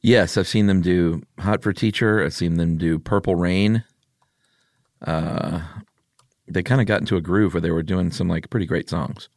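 A man in his forties co-hosting a podcast, relaxed and joking, laughing often. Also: low-pitched, moderate pace, no echo, studio quality. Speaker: podcast co-host. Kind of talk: casual chat.

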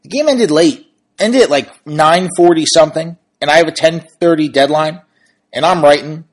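A man's voice: a little high, moderate pace. A man, a sportswriter and podcast host, talking through team stats and standings in an analytical, conversational way. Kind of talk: casual sports commentary.

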